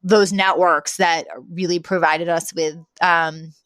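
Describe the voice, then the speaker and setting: A woman co-hosting a podcast, recapping a sitcom episode in a casual chat and acting out the characters' lines with lively retelling. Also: on the low side, takes it slowly, no room sound. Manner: animated retelling, acts out quoted lines. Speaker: podcast co-host.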